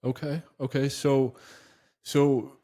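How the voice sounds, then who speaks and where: A man hosting a casual interview, relaxed and encouraging, recapping his guest's story in his own words. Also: mid-range voice, slow pace. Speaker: podcast host.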